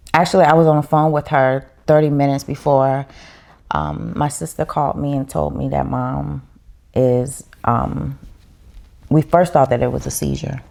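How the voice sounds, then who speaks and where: A woman's voice: low-pitched, gravelly, a little mellow. A woman, a podcast guest, telling her story in casual chat in a heartfelt, reflective way.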